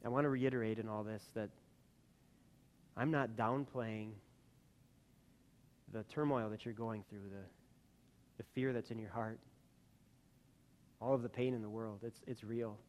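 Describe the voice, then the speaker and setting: A man preaching a sermon as a pastor, earnest, climbing to emphatic peaks and then dropping soft. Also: lowish voice, fairly even intonation, a little slow, long pauses.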